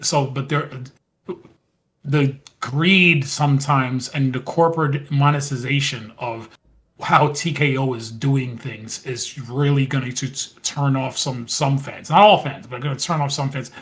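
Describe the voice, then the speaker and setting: In a casual wrestling recap, this male co-host rambles through scenes and quotes lines, speaking at a measured pace. His mid-range voice is fairly bright, with fairly even intonation.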